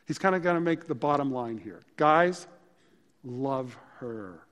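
A man's voice: medium pitch, lively intonation, measured pace, fairly bright tone. A male pastor preaching a sermon in a conversational, emphatic way that mixes scripture with stories. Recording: long hall reverb.

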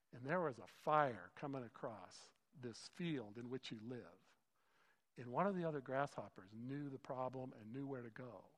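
A man's voice: medium pitch, a bit bright. A man preaching a sermon as pastor, in a conversational way, sometimes acting out both sides of a dialogue. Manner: conversational, acts out skeptical dialogue. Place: church hall. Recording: long hall reverb.

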